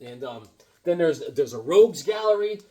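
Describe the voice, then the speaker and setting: A man's voice: a little high, lively intonation, moderate pace, dark tone. A middle-aged man casually showing off his comic collection, enthusiastic and rambling with lots of fillers and asides. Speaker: comic book collector vlogger. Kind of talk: casual show-and-tell.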